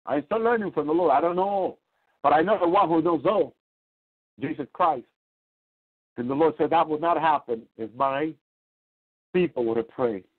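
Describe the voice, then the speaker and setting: A man's voice: fairly high pitch, normal speed, pauses often. A man preaching a fervent radio sermon, repeating his points and rising to cries. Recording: tinny phone-line radio broadcast.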